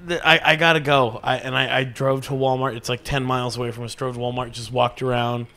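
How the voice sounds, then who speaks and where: A man's voice: mid-range voice, quick pace, vocal fry. A man telling casual, profane stories on a podcast, rambling and acting out quotes with sudden bursts of energy. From small rural American town. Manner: rambling, heavy swearing, lively acted-out quotes.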